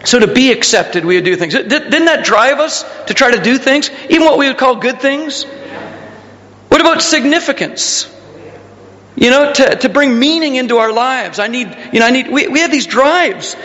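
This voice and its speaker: A man's voice: very high-pitched, animated, moderate pace, sharp tone, long reverb tail, muffled recording. A male pastor preaching a conversational sermon, asking the congregation questions and telling stories.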